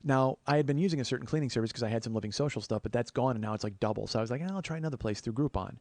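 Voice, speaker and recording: A man's voice: mid-range voice, rapid-fire, a little mellow, dry recording. A man in his forties hosting a podcast, telling a comic story in a rambling way, full of stammered restarts and the odd swear word. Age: 40s. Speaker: podcast host.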